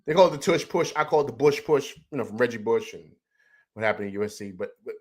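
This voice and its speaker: A man's voice: mid-range voice, animated, fast, breathy edge. A man hosting a postgame sports show, upset after a loss, ranting in a heated, rambling way with many repeated words and restarts. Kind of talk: emotional postgame sports rant.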